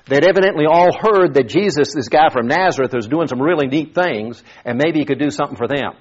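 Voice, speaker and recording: Male pastor, casual sermon delivery with restarts, slightly husky voice, dull lo-fi recording. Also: fairly high pitch, brisk. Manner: conversational, repeats words while thinking. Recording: dull lo-fi sound.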